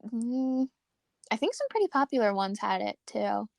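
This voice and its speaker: A woman's voice: fairly high pitch, normal speed, gravelly, no echo. A young woman co-hosting a casual podcast, chatting loosely, swearing and laughing often. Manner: laughing, swearing, animated storytelling. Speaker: podcast co-host. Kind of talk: casual chat.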